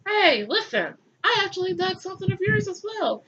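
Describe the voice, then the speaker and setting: Женщина изображает ноющего молодого парня. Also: female voice, very high-pitched, very animated, normal speed, fairly bright tone, muffled recording, a little hiss or hum, voice pushed up, exaggerated voice. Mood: sly. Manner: whiny, defensive, slangy. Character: whiny defensive young man, murderous brother.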